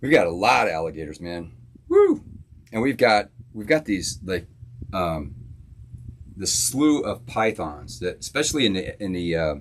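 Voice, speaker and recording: A relaxed, chatty man from Florida talks to his viewers in a casual live stream from his home studio. His voice sits somewhat low, and he laughs easily and keeps tossing in "man." A faint noise sits behind him. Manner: laid-back, chatty, laughs often, says "man" a lot. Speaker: musician hosting a live stream.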